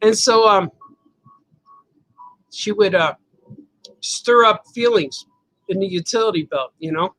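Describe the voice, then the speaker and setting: Slow and full of long pauses, a man's slightly bright, high-sitting voice carries a casual livestream where he reads viewer comments. He's a host and cartoonist who tells rambling, playful stories, giggles mid-sentence and repeats words for effect. The recording is low quality.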